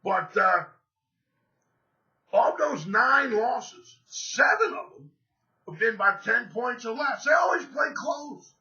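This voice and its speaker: A man's voice: very high voice, sing-song, slow, sharp tone. A man giving sports betting picks in a boastful, profane, swaggering monologue. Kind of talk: brash betting-pick monologue. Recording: dull lo-fi recording.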